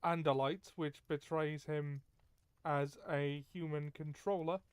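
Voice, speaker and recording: Slow, smooth-voiced man chiming in hesitantly. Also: a little high, little pitch movement, no room sound. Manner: slow, hesitant, unsure interjections. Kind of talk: casual chat.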